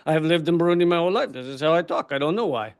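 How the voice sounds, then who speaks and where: A man's voice: a little high, expressive, very fast, smooth, pitched below the performer's own voice. A man voicing a bewildered villager who owns only a few things. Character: poor villager puzzled by his own accent.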